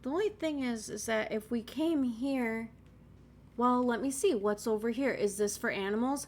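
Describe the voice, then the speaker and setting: A woman's voice: on the high side, moderate pace. A woman giving casual gameplay commentary, chatty and thinking aloud, with sudden exasperated outbursts. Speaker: let's play gamer.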